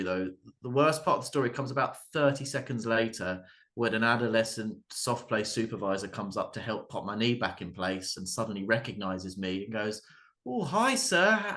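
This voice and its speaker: Man in his 30s, stand-up comic, bright forceful tone, halting delivery, dry asides. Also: on the low side. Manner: halting, full of fillers and restarts, dry asides. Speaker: stand-up comedian. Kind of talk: stand-up comedy set.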